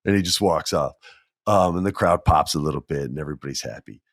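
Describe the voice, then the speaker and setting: Man host, deep voice, dry close mic, animated jokey storyteller who acts out quotes. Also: fast, dry recording. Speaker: podcast host. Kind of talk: casual storytelling monologue. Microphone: podcast mic, on video.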